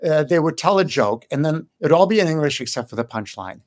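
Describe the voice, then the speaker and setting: An older man from Chicago, a guest scholar in an interview, explaining in a thoughtful way with frequent ums and pauses. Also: a little high, sing-song. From Chicago, United States. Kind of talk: conversational interview.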